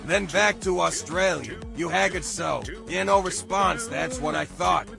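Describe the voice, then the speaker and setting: A man's voice: sits high, unhurried, creaky, music in the background. A man co-hosting a comedy podcast, teasing with sarcastic banter. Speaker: podcast co-host.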